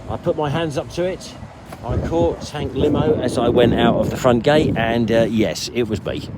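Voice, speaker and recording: A man's voice: mid-range voice, moderate pace. A man hosting a casual vlog, talking bluntly and jokingly with plenty of swearing. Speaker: vlog host. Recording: outdoor noise, vehicles behind.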